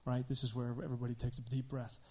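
A man preaching a sermon in a conversational style, often checking in with "right?" and swinging between loud emphasis and quiet asides. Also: medium pitch, level tone, quick pace. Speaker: pastor.

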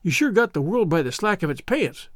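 A man doing an excited hoarse gold hunter. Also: sits high, moderate pace, no room sound, clean studio sound, voice pushed up. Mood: urgent. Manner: hoarse urgent whisper, folksy slang.

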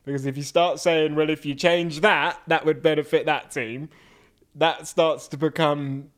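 A man co-hosting a casual sports podcast, chatty and quick to laugh, with a slight lisp. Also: a little high, steady tone. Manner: chatty, laughs often, repeats words. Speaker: podcast co-host. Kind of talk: casual chat.

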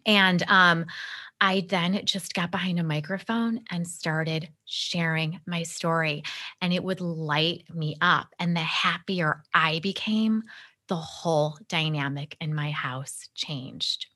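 A woman's voice: on the low side, slow pace, pushed and bright. A middle-aged woman, a guest on a podcast, telling her story in an earnest, reflective way. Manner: earnest, reflective, acts out quoted dialogue. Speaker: podcast guest, empowerment coach. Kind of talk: conversational interview storytelling.

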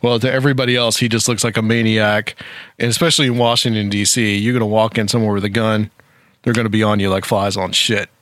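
A man's voice: on the low side, flat delivery, quick pace, a bit bright, no room sound, studio quality. A man hosting a talk show, speaking casually and rambling with frequent fillers. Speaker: podcast host.

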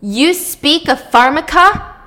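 A woman's voice: fairly high pitch, animated, a bit bright. A woman voicing a weary, stern old female sea goddess who talks down to her granddaughter. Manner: stern, dismissive, slow.

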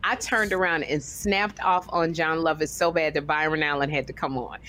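A woman co-hosting a talk show, telling a story in a lively, casual way and acting out other people's voices as she goes. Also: deep voice, moderate pace, a little hiss or hum.

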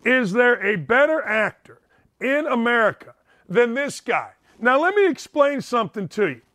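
High-voiced emphatic male show host. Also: sing-song, moderate pace, no room sound, studio quality. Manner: emphatic, repeats lines for punch, keeps calling out "ladies and gentlemen". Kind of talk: casual monologue to the audience. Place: his home by a lake.

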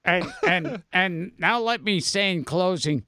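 A man with a raspy voice hosting a comedy podcast and signing off the episode. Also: high-pitched, expressive, measured pace, sharp tone, no room sound, studio quality. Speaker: podcast host.

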